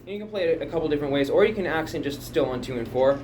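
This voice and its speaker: Chatty man teaching over loud drums. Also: fairly high pitch, expressive, racing, over loud music. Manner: rambling, chatty, counts beats aloud over drums. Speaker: drum teacher. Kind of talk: casual drum demonstration. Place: home music room. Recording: home room, mic picking up loud drum kit from a distance.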